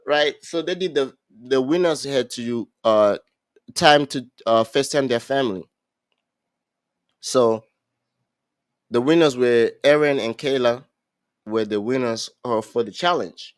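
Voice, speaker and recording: A young man hosting a podcast, casually recapping a reality show and acting out what people said, with many halting restarts. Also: medium pitch, dry recording. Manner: animated storyteller, acts out quotes, halting restarts. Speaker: podcast host.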